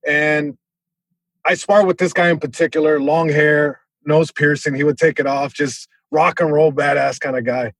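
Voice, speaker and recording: A man from Southern California, a comedian guest telling a story on a podcast, animated, with many restarts. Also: on the high side, moderate pace, no echo, poor audio.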